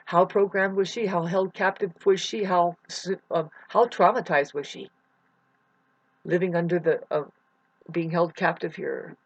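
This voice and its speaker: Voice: medium pitch, steady tone, measured pace, no room sound. Brief: a fragmented, restless monologue vlogger who shifts from mumbles to outbursts; dull, muffled home-mic sound. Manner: fragmented, full of restarts, swings from mumbling to loud outbursts. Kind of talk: rambling unscripted monologue. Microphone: computer mic.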